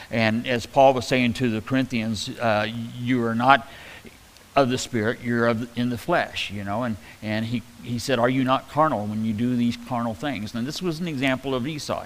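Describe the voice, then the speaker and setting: Halting, chatty man teaching a sermon. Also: medium pitch, low-quality recording. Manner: conversational, halting, many fillers and restarts. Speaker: pastor.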